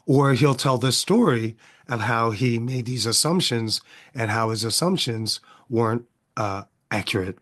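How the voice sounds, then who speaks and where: A man's voice: mid-range voice, a little slow, a bit bright. A middle-aged man hosting his own podcast, talking through a casual monologue full of rhetorical questions and tags of "right?". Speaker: podcast host.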